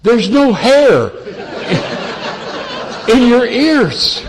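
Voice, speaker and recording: Sweet teasing young granddaughter, high and slow, put on by an older man preaching. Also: big pitch swings, some chatter behind, slight background noise, full character voice, rough recording. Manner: high, drawn-out girlish tone.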